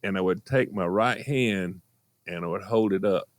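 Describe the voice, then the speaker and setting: A man's voice: sits low, moderate pace, no room sound. An older man, co-hosting a radio show and telling a story in casual chat, laughing through his punchlines.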